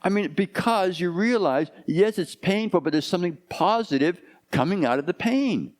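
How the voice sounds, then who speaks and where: A man's voice: high voice, expressive, moderate pace. A man in his fifties, a pastor preaching a conversational sermon full of rhetorical questions.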